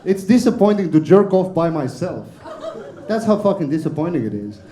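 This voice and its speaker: A man with an Eastern European accent telling crude, self-deprecating jokes. His voice is high but mellow. The club is echoey. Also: sing-song, moderate pace. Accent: non-native, Eastern European. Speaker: stand-up comedian. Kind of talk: stand-up set. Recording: roomy club stage.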